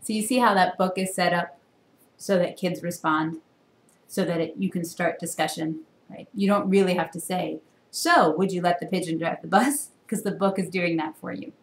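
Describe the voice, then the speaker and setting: A woman's voice: on the low side, steady tone, moderate pace, slight background noise. A woman university instructor giving a recorded lecture in a conversational way, with frequent fillers. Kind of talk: recorded lecture with read-aloud. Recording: echoey room.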